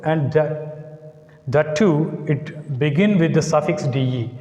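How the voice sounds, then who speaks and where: Slow, deliberate male teacher in an echoey classroom. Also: on the high side, darkish tone. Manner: slow, deliberate, spells out letters and repeats words. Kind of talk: classroom lecture. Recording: echoey classroom, long reverb.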